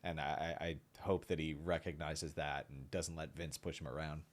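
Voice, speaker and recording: A man's voice: very deep voice, fairly even intonation, normal speed. A man co-hosting a casual wrestling podcast, hesitant and wry, often trailing off mid-thought. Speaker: podcast co-host.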